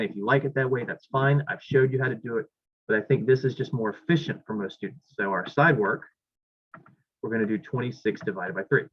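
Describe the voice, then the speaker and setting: A man's voice: medium pitch, slightly rough. A male math instructor giving a classroom lecture, thinking aloud and correcting himself as he works problems on the board. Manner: talks while writing, thinks aloud, self-corrects. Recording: dull lo-fi classroom recording.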